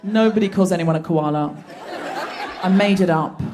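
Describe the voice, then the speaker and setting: A woman's voice: lowish voice, moderate pace, a crowd in the background, background noise. A woman hosting a live comedy podcast on a theatre stage, telling stories with lots of laughter. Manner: animated, laughing storytelling. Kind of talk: live stand-up style banter.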